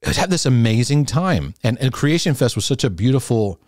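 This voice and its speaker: A man's voice: mid-range voice, sing-song, a little fast, darkish tone, no room sound, clean studio sound. Middle-aged man rambling casually to camera. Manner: rambling, repeats words, restarts and chuckles. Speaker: host, former youth pastor. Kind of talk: casual reflective monologue to camera. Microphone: camera in front of him.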